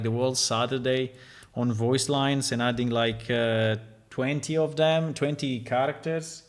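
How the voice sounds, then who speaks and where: A man, a game developer, giving casual live-stream commentary and thinking aloud as he tests and reacts to recorded game lines. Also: mid-range voice.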